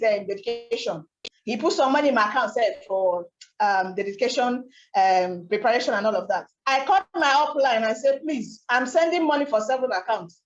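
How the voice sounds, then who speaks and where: A young woman speaks in a high voice, telling her story with emphatic, animated energy and many rhetorical questions. The sound is roomy and a little dull, like a talk given in a hall. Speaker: network marketing speaker. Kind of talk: motivational testimony talk.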